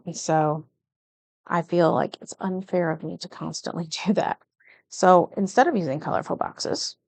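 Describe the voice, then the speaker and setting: A woman's voice: low voice, creaky, dry recording. A middle-aged woman chatting through a plan-with-me vlog, a little nervous and often correcting herself as she goes. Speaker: planner vlogger. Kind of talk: casual plan-with-me narration.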